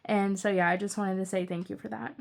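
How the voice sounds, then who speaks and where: A young woman chatting casually through her budget, rambling with excitable asides. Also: medium pitch, fairly quick, gravelly. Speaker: budgeting channel creator.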